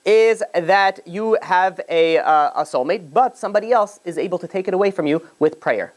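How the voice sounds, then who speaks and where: A man, a rabbi, giving a conversational lecture to a live group, animated and jokey, with many fillers and restarts. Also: sits high, moderate pace. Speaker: rabbi teaching a class.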